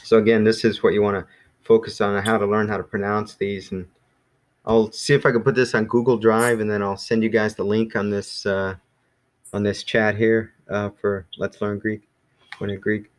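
A man with a lowish voice leads an online class over a video call. He talks in a loose, easygoing way, full of ums and restarts, explaining letters patiently. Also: normal speed. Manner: relaxed, rambling, many fillers. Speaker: Greek teacher. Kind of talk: casual online class teaching.

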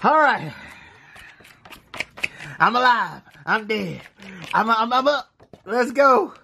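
Slow-talking DC-man scratching lottery tickets. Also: very high-pitched, gravelly, a little hiss or hum. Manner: reads numbers aloud, slangy, bursts into excited shouts. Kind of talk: casual commentary while scratching tickets.

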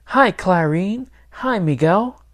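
A man's voice: sits high, slow, pitched above the performer's own voice, exaggerated voice. Officer Devereaux, a man playing a teasing policewoman. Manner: deadpan teasing. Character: female police officer, dry-humored and teasing.

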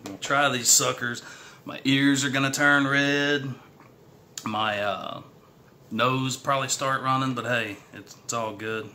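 A man's voice: medium pitch, fairly even intonation, takes it slowly, bright, forceful tone, slight background noise. A middle-aged man from Texas with a Southern accent, chatting casually to the camera in a folksy way and hyping himself up. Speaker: YouTube creator. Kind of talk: casual eating challenge vlog.

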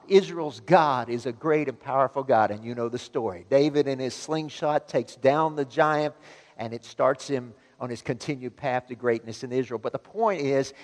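A man preaching a sermon as pastor, emphatic and building to loud exhortation. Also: mid-range voice. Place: church sanctuary. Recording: long church reverb.

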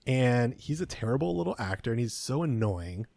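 A podcast co-host chats casually about films, offering blunt, opinionated takes, swearing freely and stumbling now and then. His medium-pitched voice is gravelly and dark-toned with a sing-song quality, at normal speed and with no echo.

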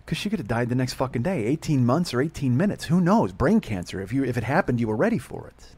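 Male podcast comic, fast, cussing storyteller with a lively, bouncing delivery. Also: medium pitch, breathy edge. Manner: fast-talking, profane, laughing at his own jokes. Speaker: podcast host. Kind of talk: comedic storytelling monologue. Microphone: studio podcast mic.

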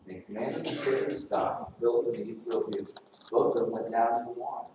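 A man's voice: medium pitch, brisk, warm tone, slight background noise. Man, church preacher, chatty sermon with questions to the pews; far from the mic, dull and echoey. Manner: conversational, asks the congregation questions. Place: church sanctuary.

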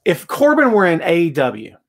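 A man hosting a wrestling talk show, ranting in an animated, excitable way and answering chat messages. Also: on the high side, normal speed, creaky. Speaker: wrestling podcast host. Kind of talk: live show, reading chat comments.

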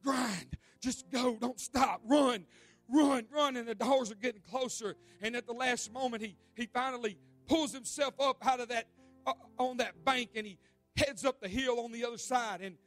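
A male pastor preaching an evening sermon in a church, telling a vivid story with repeated words and swinging from loud to hushed. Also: very high-pitched, normal speed, faint music behind. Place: church sanctuary.

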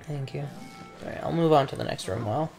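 A woman's voice: low voice, fairly quick, vocal fry, darkish tone, faint music behind. A woman playing through a video game on a let's play, talking in a dry, matter-of-fact way. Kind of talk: casual gaming chat.

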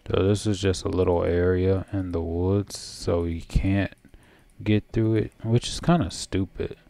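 A man's voice: deep voice, fairly even intonation, unhurried, vocal fry, dark tone, dry recording. A man thinking aloud while playing a fantasy game, mumbling numbers and item names. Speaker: gameplay commentator. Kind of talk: casual let's-play commentary.

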